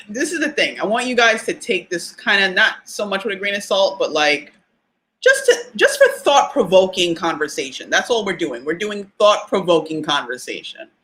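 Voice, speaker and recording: A woman hosting a casual live talk for listeners, chatty and animated, laughing often and using fillers. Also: medium pitch. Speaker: podcast host.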